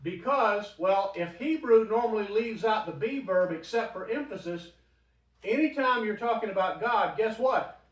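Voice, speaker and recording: A man's voice: sits high, lively intonation, normal speed. A man teaching a Bible study in a church room, talking conversationally and putting questions to the group. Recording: roomy, from a distant mic.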